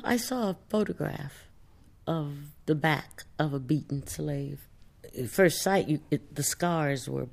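A woman author answering audience questions in a reflective, thoughtful way, pausing as she searches for words. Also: low voice, creaky, darkish tone. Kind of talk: reflective studio talk.

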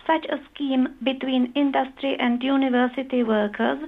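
Casting: Czech woman caller, high voice, thin phone line. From Czech Republic. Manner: careful, formal phrasing. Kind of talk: reading a question.

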